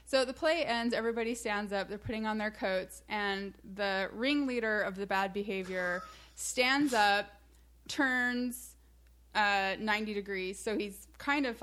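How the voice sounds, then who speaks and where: A woman co-hosting a podcast, chatting casually and telling a story with frequent laughs. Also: medium pitch. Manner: animated storyteller, laughs often. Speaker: podcast co-host. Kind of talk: casual chat.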